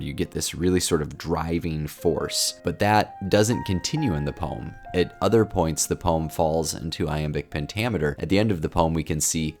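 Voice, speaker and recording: A man giving a thoughtful, explanatory poetry lesson, working through his points with small restarts. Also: deep voice. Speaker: literature teacher. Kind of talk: poetry lecture.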